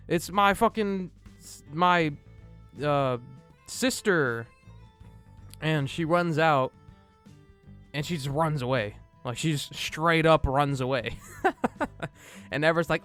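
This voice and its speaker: A man's voice: fairly high pitch, moderate pace, a bit bright, clear, resonant tone, soft background music. A man reviewing a film in a loose, casual way, retelling the plot with swearing and acting out the characters' lines. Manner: loose, profane retelling with laughs and acted-out quotes. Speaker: movie reviewer.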